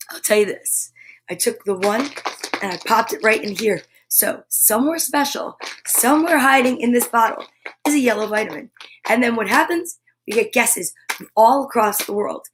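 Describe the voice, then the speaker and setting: On an upbeat live-stream, a woman whose voice sits on the high side hosts a casual show, with a little background noise audible. She trades playful chat with viewers and tries a tongue-twister out loud.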